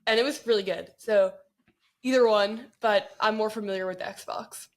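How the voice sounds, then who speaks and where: A woman's voice: medium pitch, moderate pace. Woman podcast guest, upbeat and enthusiastic, mid-range voice. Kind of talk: casual podcast chat. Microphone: video call.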